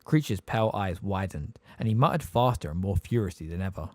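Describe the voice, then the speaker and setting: A man narrating an audiobook with an expressive, varied reading. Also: deep voice, fairly quick, few pauses, no echo.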